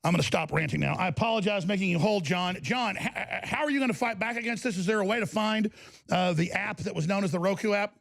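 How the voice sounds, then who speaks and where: A man's voice: high-pitched, fast, gravelly, a bit bright. A middle-aged man hosting a talk radio show, ranting with energy and tripping over his own restarts in the studio. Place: broadcast studio.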